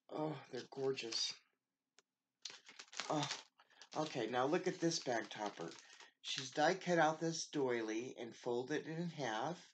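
A woman's voice: extremely low pitch, a little hiss or hum. A woman from the United States, a craft vlogger, opening a package in a casual show-and-tell and gushing with thanks over every piece.

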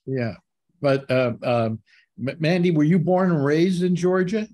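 A man hosting a casual group chat, teasing his guests and telling stories with lively energy. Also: on the high side, unhurried. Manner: teasing, animated storyteller. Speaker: host.

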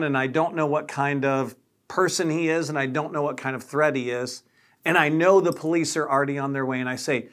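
Animated pastor telling a story. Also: male voice, fairly high pitch. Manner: animated, dramatic retelling with acted-out quotes. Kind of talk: sermon storytelling.

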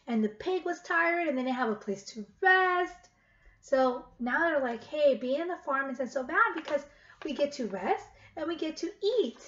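Woman, children's read-aloud, gently questioning, high voice, muffled recording. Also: animated, normal speed. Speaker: teacher reading aloud.

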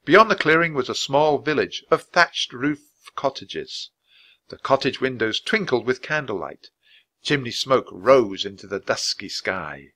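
A man reading a children's chapter book aloud at a natural pace for language learners. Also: measured pace. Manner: reads at a natural, even speed for language learners; jumps higher and louder for the characters' lines. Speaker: storybook reader.

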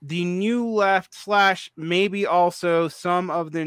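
Smooth-voiced man hosting a podcast. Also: high-pitched, slow, hardly any pauses, fairly bright tone, dry recording, studio quality. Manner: rambling, self-interrupting with many fillers. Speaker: podcast host. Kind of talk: casual conversation.

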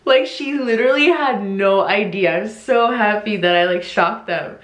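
A young woman chatting excitedly in a casual reaction vlog, giggling and squealing now and then. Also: mid-range voice. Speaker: vlogger. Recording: echoey room.

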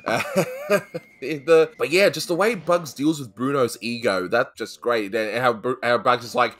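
A man's voice: medium pitch, measured pace, fairly bright tone. A man hosting a casual cartoon review chat, talking in a chatty way, laughing often and quoting lines in funny voices. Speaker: host of a cartoon review show.

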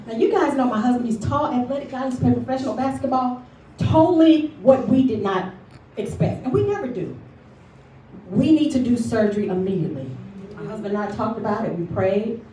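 A woman giving a lively motivational speech at a luncheon, telling her story and calling for responses from the audience. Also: a little high, brisk, a little hiss or hum. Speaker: motivational speaker. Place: event hall at a luncheon. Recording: echoey hall recorded from far off.

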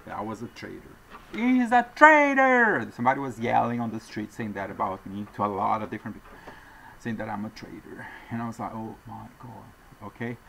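A man's voice: fairly low pitch, little pitch movement, fast, vocal fry, fairly bright tone, slight background noise, poor audio. A man with a non-native English accent, talking to viewers in a digressive, earnest monologue with apologetic asides. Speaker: vlogger addressing viewers. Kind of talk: rambling off-the-cuff monologue.

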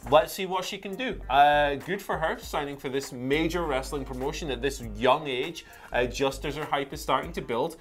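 A man co-hosting a wrestling news show, talking casually with quick asides and easy laughter. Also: on the high side, soft background music.

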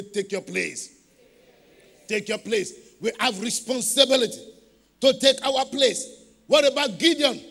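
A man preaching with a very high, bright, forceful voice. He drives his points home and calls on the congregation to repeat after him. The sound carries a long reverb from the church hall. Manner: emphatic preaching with call-and-response to the congregation. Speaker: pastor. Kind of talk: sermon.

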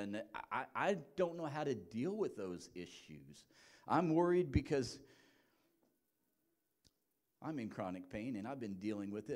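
A man preaching a sermon as pastor, in a conversational way with frequent restarts, moving between quiet reflection and emphatic passages. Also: mid-range voice.

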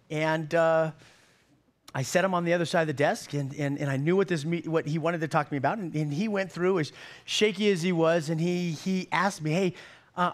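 A man in his fifties preaching a sermon in a church, folksy and joking, often repeating words as he goes. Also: fairly high pitch. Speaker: pastor.

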